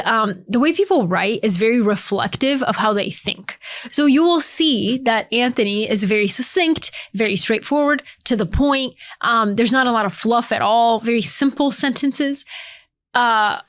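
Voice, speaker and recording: A playful woman chatting casually, her voice a little higher than most women's. She laughs often and talks in loose, chatty asides. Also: unhurried. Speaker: author's wife and editor. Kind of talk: casual chat.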